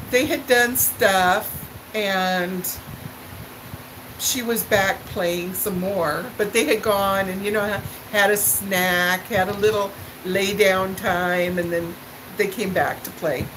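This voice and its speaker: A woman's voice: mid-range voice, background noise. A middle-aged woman hosting a live stream, telling rambling stories with fillers and answering viewer comments. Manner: slow, rambling storytelling with fillers and laughs; chats back to viewer comments. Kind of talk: casual chat to live viewers.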